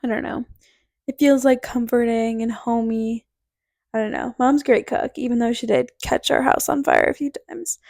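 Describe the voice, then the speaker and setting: Chatty high-voiced young woman telling stories. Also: sing-song, normal speed, creaky, darkish tone, no room sound, studio quality. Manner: chatty, rambling, full of "like" and quoted dialogue. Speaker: podcast host. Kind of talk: casual storytelling monologue.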